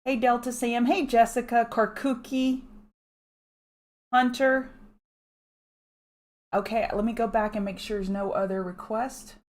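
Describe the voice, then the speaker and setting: A woman's voice: fairly high pitch, steady tone, measured pace, long pauses, darkish tone. Woman, livestream host, casual chat, greets viewers by name. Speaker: livestream market analyst host.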